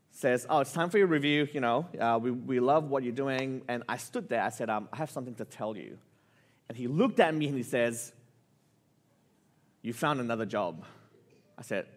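A male preacher delivers a sermon in a lively, swinging voice. He tells a personal story and his pitch climbs as he gets excited. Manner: animated storytelling, voice rising with excitement. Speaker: pastor.

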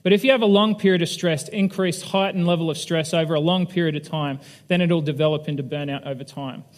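Male pastor, fairly high voice, candid self-deprecating sermon talk, long hall reverb. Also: fairly even intonation, quick pace. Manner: candid, self-deprecating, asks the audience questions. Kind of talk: conversational sermon with personal story.

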